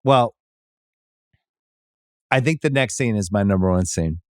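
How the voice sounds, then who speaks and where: A man's voice: lowish voice, expressive, a little slow, smooth, no room sound, clean studio sound. A man hosting a podcast, walking eagerly through film scenes in casual chat. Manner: enthusiastic, recaps scenes with quoted lines. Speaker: podcast host.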